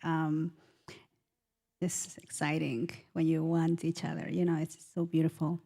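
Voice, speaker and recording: A woman from the congregation speaking at the podium, gentle and hesitant, grateful, with many pauses and ums. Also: deep voice, level tone, vocal fry. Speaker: congregation member. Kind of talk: testimony at the podium.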